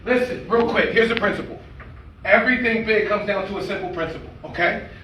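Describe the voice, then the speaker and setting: A man giving an energetic, preacher-like motivational speech that he leads as call-and-response, shouting words for emphasis. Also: high voice, a little fast. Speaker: motivational speaker. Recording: echoey room, mic far off, faint noise.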